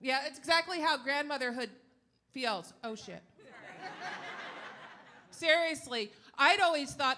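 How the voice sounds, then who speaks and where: A woman's voice: high-pitched, unhurried, long pauses, bright, forceful tone. A middle-aged woman from Yakima, Washington, doing a brash, salty stand-up set on a live stage. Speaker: stand-up comedian. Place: live comedy stage before an audience.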